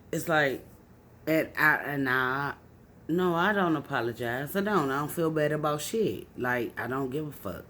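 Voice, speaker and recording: Raw, profane woman telling her story. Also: slight background noise. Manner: raw, profane, swings from low and subdued to loud and angry. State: tipsy from drinking. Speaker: vlogger. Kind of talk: emotional personal storytelling.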